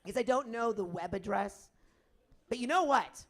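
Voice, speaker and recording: A male voice actor joking on a convention panel stage, playful, excitable and quick to laugh. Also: extremely high pitch.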